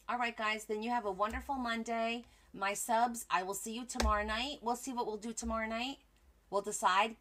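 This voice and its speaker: A woman's voice: mid-range voice, fairly bright tone. A woman hosting a crafting livestream late in the day, chatting casually with viewers by name and sounding tired. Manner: chatty, addresses viewers by name, trails off and restarts. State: tired at the end of a long day.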